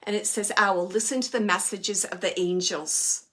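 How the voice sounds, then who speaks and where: A woman giving a psychic reading to viewers from her home. She speaks gently and reassuringly and often stops to restart her sentences. Her pitch and pace stay in an ordinary middle range. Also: fairly even intonation, moderate pace. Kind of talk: live online psychic reading. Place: home, with a small dog nearby.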